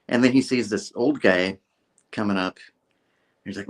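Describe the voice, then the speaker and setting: A man's voice: fairly low pitch, moderate pace, pauses often. A man hosting a comic book review show, recapping casually and rambling, with restarts and laughs.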